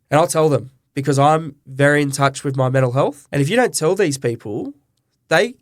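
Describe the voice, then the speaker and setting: A man's voice: a little high, normal speed, dry recording. Middle-aged Aussie man, earnest guest storyteller, dry close sound. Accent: Australian. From Australia. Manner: earnest, emotional storyteller who acts out quoted dialogue. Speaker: guest, butcher and business owner. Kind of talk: candid storytelling interview.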